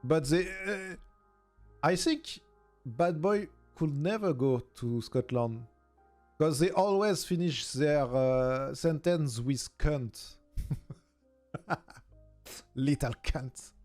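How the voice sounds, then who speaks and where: A man with a southern French accent, a native French speaker, chatting casually as a streamer in halting English and searching for words. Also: fairly high pitch, lively intonation, darkish tone, faint music behind. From southern France. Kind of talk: casual chat.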